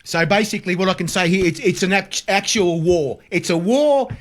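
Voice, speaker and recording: A man hosting a football talk show, excitable and exclamatory, often repeating himself. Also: high voice, a little fast. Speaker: show host. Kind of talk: casual chat.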